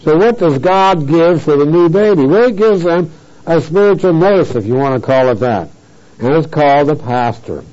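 A man's voice: animated, normal speed. Emphatic male preacher on lo-fi tape. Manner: didactic, emphatic, with wide swings in pitch and loudness. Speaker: pastor. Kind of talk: verse-by-verse Bible teaching sermon.

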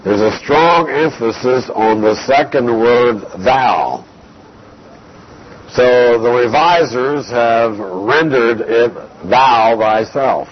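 Slow, husky-voiced man teaching scripture. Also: mid-range voice, lively intonation. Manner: slow, deliberate, reads scripture aloud. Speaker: preacher. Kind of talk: expository Bible teaching. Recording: dull lo-fi recording.

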